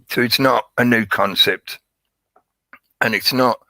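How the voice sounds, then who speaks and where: A man's voice: medium pitch, pushed and bright, no echo, rough recording. A man hosting a casual livestream, talking at length in a rambling way and greeting chat viewers by name. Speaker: livestream host.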